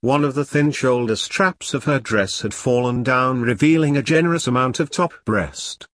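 A man reading a story aloud in a flat, machine-like way, speaking the punctuation marks as words. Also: mid-range voice, moderate pace, no echo. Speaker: reader. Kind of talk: machine-read story narration.

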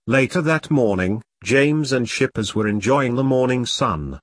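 Man, audiobook narrator, steady storytelling, animated pitch, dry close sound. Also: unhurried, hardly any pauses, no echo. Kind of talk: scripted narration.

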